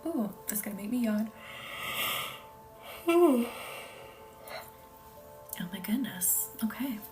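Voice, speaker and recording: A woman with a Midwestern accent, hosting a live reiki session, chatting and reading out viewer comments, sometimes dropping into a soft whisper. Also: mid-range voice, brisk. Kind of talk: live-stream chat with viewers. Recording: distant mic with faint music behind.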